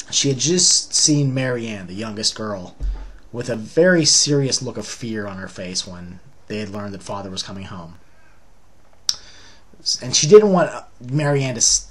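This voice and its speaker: A man giving a rambling, casual recap of a tabletop role-playing session, full of fillers. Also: medium pitch.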